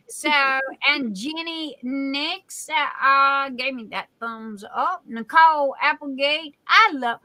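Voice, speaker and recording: A woman hosts a livestream, greeting viewers and playing the class clown. Her voice is very bright and a little high, and she talks in an unhurried way. The recording is close and dry. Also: no room sound, poor audio. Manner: chatty and silly, self-described class clown. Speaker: livestream host. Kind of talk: casual live chat reading viewer comments.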